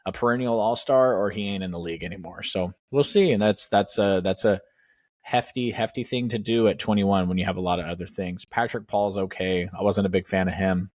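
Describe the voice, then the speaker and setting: A man co-hosting a podcast who gives opinionated, wry sports takes in quick bursts of casual chat. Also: sits low, darkish tone, no echo. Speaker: podcast co-host.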